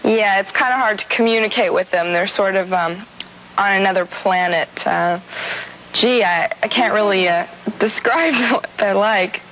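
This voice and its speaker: A woman's voice: mid-range voice, moderate pace, a bit bright. Giggly, hesitant teenage California girl. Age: teens. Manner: giggly, hesitant, filler-heavy. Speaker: guest, singer's daughter. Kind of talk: morning TV interview. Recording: dull broadcast audio, faint hiss.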